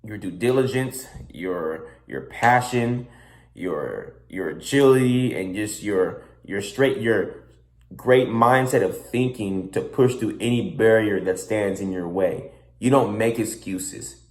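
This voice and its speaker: A young man who answers family questions in a measured, thoughtful way during a casual vlog. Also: on the low side, darkish tone, roomy sound. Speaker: sibling guest.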